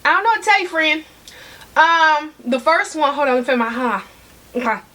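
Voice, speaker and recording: A handbag vlogger eats as she chats sassily to camera, addressing viewers directly and at times talking with her mouth full. Her voice sits high, pushed and bright, with lively intonation and a brisk pace.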